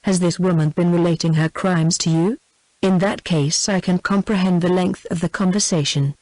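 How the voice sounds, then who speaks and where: A woman's voice: lowish voice, moderate pace, lightly acted, low-quality recording. A text-to-speech woman's voice with a British accent voicing a suspicious, ironic nobleman guarding a prisoner in an audiobook. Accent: British English. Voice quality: even synthetic delivery.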